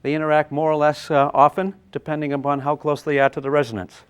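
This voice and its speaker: An older man teaching a physics class, lively and playful, with sound effects and acted asides. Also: fairly high pitch, fast, clean tone, lo-fi sound. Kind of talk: classroom lecture at a whiteboard.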